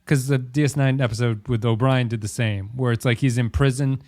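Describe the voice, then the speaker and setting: A man with a mid-range, darkish voice speaks a little fast in a steady tone, captured in dry, studio-quality sound with no room echo. Co-hosting a podcast, he rambles through casual chat, restarts often, and laughs easily.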